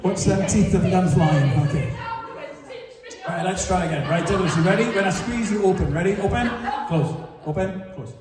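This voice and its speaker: High-voiced man joking in an echoey hall. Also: normal speed, crowd noise. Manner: jokey, teasing audience banter, laughing often. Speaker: magician and entertainer. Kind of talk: live comedy magic show patter. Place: large church hall with audience. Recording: echoey hall recorded from far off, noisy.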